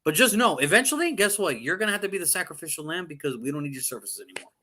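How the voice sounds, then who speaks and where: Animated man talking football. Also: on the high side, racing, slight background noise. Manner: animated, mock voices for effect, swears. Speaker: sports show co-host. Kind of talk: casual sports chat.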